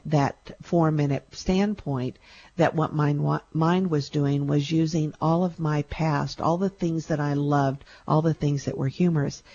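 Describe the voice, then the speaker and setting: A woman telling a personal story earnestly, with reflective pauses and wry humor. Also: low voice, dark tone, muffled recording, slight background noise. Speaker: storyteller recounting a near-death experience.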